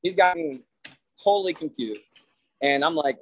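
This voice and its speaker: A man on a video call winds through a drawn-out joke at a mid-range pitch, pausing on fillers as he goes. His telling meanders and circles back, the tone of a defendant chatting rather than pleading. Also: animated, rough recording. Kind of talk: rambling joke storytelling.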